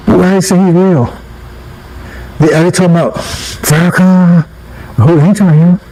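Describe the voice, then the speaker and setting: High-voiced man preaching casually. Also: dark tone, rough recording. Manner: conversational, repeats himself, asks the audience "right?". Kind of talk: casual street sermon.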